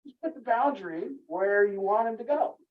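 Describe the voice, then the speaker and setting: A man's voice: high voice, lively intonation, moderate pace. A man telling a rambling, candid story in a group talk, laughing at himself now and then. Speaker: group speaker. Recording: muffled, distant room recording.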